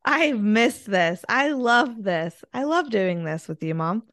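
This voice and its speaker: A woman's voice: on the high side, animated, slow, a bit bright, no room sound, studio quality. A young woman co-hosting a casual podcast with her mother, playful and teasing, laughing often. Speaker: podcast co-host. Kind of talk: casual chat.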